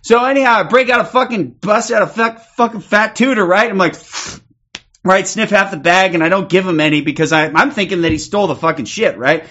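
A man's voice: sits high, a little fast, bright, forceful tone. A man livestreaming, telling a rambling story to his chat, swearing a lot and laughing often. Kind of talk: casual storytelling to a live chat. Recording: dull lo-fi stream audio with faint crowd.

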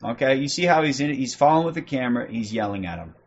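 A man's voice: medium pitch, expressive, fast, lo-fi sound, slight background noise. A man in his forties hosting a livestream. He rants in a profane, aggressive way and ends nearly every sentence with "okay?". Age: 40s. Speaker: livestream host. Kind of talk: ranting livestream commentary.

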